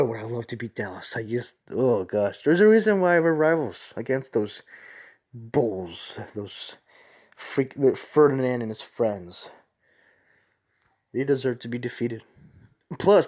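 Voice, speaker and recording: A man's voice: mid-range voice, darkish tone. A man hosting a casual soccer review show, talking in a rambling, chatty way and often correcting himself. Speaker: host.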